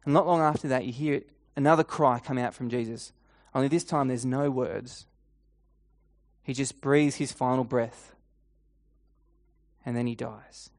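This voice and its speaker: A man preaching a sermon, retelling a scene vividly in the second person and slowing down and softening his voice for emphasis. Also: mid-range voice, steady tone, no echo, clean studio sound.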